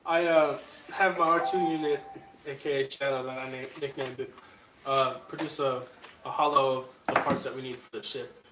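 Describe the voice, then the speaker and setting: A man playing in a tabletop game, halting and hesitant as he talks. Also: mid-range voice, fairly even intonation. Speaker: player. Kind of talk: tabletop role-play chat. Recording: distant, roomy, noisy.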